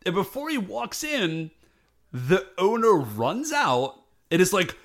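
A man co-hosting a casual chat, telling the story in an animated, incredulous way. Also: sits high, takes it slowly. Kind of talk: casual chat recapping a show.

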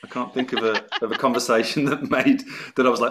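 A man and comedy podcast guest, speaking softly with halting hesitation. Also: mid-range voice, background noise. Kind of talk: casual comedy chat.

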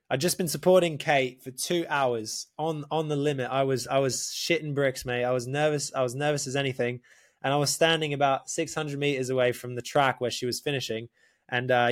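A man telling a story in casual podcast chat, animated, swearing often and calling the listener mate. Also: medium pitch. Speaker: podcast guest.

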